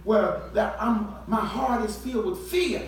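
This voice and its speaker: A man preaching a sermon, building from quiet talk into shouted call-and-response to the congregation. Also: high voice, a little slow. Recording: echoey church from far off.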